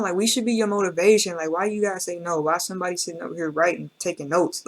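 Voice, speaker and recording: A woman's voice: fairly low pitch, steady tone, quick pace, few pauses. A woman hosting a reaction video, talking in an emotional, reflective and casual way and speaking straight to her viewers with slang.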